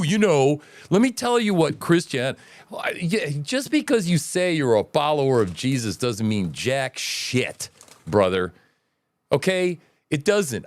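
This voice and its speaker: Male livestream host, combative preacher-style commentator, swears freely, pitch swings widely, dry close sound. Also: no echo. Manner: blunt, profane, preachy rants; jumps between mocking quotes and lectures. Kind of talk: combative political and religious commentary.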